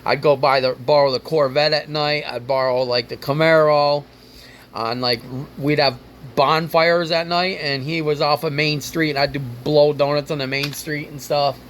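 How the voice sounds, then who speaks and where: A man's voice: fairly high pitch, fairly even intonation, moderate pace, a bit bright, a little hiss or hum. A man hosting his own car vlog, rambling and ranting casually with frequent swearing. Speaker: car vlogger.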